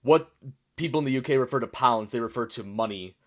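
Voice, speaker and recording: A man's voice: mid-range voice, quick pace, fairly bright tone. A man hosting a casual reaction video, rambling through chatty explanations and laughing often. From United States. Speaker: YouTube reaction host.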